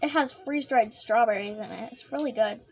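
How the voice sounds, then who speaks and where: A woman vlogging a casual snack taste-test, excitable and giggly, chatting while she eats with her mouth full. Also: fairly high pitch, brisk, husky.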